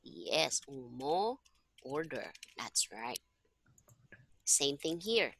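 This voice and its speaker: A woman's voice: rumbling low, big pitch swings, very slow, gravelly, fairly bright tone, a little hiss or hum. A woman teaching a one-on-one lesson over a video call, patiently explaining and often checking that her student understands. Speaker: language tutor. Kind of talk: one-on-one online tutoring.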